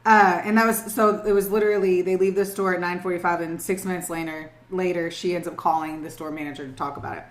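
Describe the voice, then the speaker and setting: A woman's voice: fairly low pitch, fairly even intonation, fast, hardly any pauses. A young woman co-hosting a podcast, telling a true-crime story in casual, profane, emphatic chat. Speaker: podcast co-host. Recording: roomy echo.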